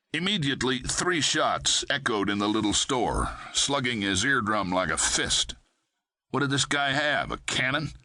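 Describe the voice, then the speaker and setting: A man narrates a crime thriller in a steady, measured way. His voice is low but bright and forceful. It is recorded close on a studio mic, with no room echo. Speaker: audiobook narrator.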